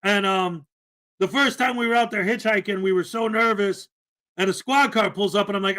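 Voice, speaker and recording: A man's voice: high voice, fairly even intonation, normal speed, sharp tone. A man telling a rambling story in casual podcast chat, full of fillers and asides.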